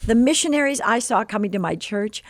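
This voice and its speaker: A woman in her sixties, originally from the Chicago area, tells a personal story as a podcast guest. Her voice sits a little high and swings widely as she acts out the dialogue. The sound is close and dry. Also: fairly quick, dry recording. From Chicago area, USA. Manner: animated, acts out quoted dialogue.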